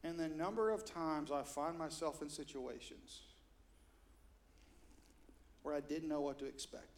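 This church sermon comes from a middle-aged pastor who takes his time, unhurried as he tells stories. He stays animated, acting out quoted lines in sudden high, loud bursts.

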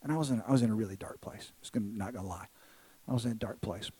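A man in his thirties preaching a sermon in a church service, telling a personal story that swings from excited to hushed and tender. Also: fairly low pitch, rapid-fire, husky, rough recording. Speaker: pastor.

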